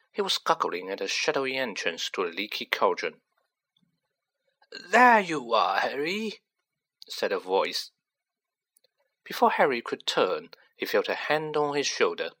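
A man narrating a storybook in an unhurried, expressive reading. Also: lowish voice. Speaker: audiobook narrator.

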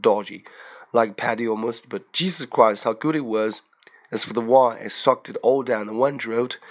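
A man reading a first-person story aloud, in a plain storytelling manner with dry asides. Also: lowish voice. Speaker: reader.

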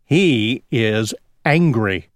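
A man reading a children's story aloud slowly for English learners, drawing words out. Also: mid-range voice, no room sound, studio quality. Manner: slow, lively, drawn-out reading. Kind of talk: slow storybook read-aloud.

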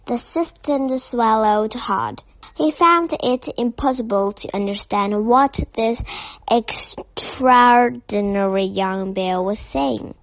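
A woman reading a children's story aloud as narrator, measured and careful. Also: on the high side, no echo. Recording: dull lo-fi audio with faint music.

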